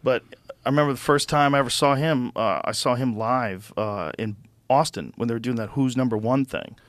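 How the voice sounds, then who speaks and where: Pria pembawa podcast yang bersemangat dan suka mengumpat. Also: male voice, mid-range voice, fairly quick, no echo. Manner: animated, swears freely, explains with enthusiasm. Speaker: podcast host. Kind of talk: casual studio chat. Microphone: studio microphone.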